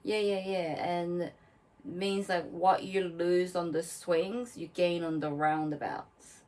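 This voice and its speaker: A woman co-hosting a casual podcast chat, animated and fidgety, who swears and laughs as she talks. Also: fairly low pitch, takes it slowly, distant mic, poor audio. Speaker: podcast co-host.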